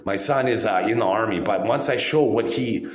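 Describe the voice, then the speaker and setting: A man's voice: on the low side, moderate pace. A man in his forties delivering an angry, accusatory rant straight to the camera, repeating himself as he goes. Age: 40s. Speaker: vlogger. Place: hospital room. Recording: echoey room.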